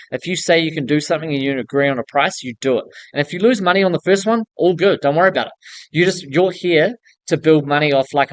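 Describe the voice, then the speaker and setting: A man's voice: a little high, smooth, no echo. A man giving casual, blunt business advice to newcomers in the building trade, often checking in with "okay?". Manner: direct coaching tone, often ends points with "okay?". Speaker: building contractor coaching newcomers.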